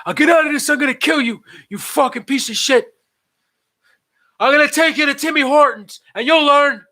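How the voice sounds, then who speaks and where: Brief: man playing a raging wrestler, raised and strained, shouted threats with a sharp tone. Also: very high voice, moderate pace, voice pushed up. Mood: furious. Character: enraged trapped male wrestler.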